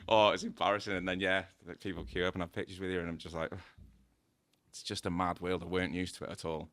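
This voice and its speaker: A man with a low-pitched, forceful voice, recorded dry and close. He tells casual stories as a podcast guest, playing out both sides of each conversation, and he laughs often as he goes. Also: quick pace, dry recording. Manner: lively storyteller, acts out dialogue, laughs often. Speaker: guest, tattoo artist. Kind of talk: casual anecdote-telling.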